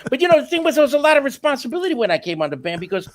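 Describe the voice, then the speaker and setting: A man's voice: very high voice, very fast. A middle-aged man, a musician guest in an interview, telling stories in a casual, slangy way and slipping into Spanish now and then. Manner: animated, slangy, slips into Spanish.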